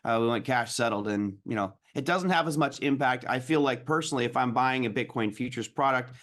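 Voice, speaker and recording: A man, a guest trader, explaining markets in an animated, casual way. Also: medium pitch, fairly quick.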